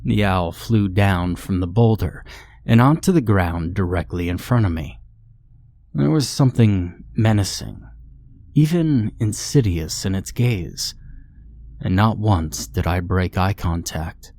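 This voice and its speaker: A man narrating a horror story in a steady, ominous storytelling manner. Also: sits low, measured pace. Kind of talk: scripted narration.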